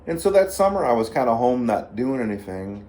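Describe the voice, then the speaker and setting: A man's voice: medium pitch, fairly quick, a little hiss or hum. A blues guitarist, a man, telling stories in a casual interview and acting out the voices of the people he quotes. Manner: lively anecdotal, acts out quoted voices. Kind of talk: casual storytelling.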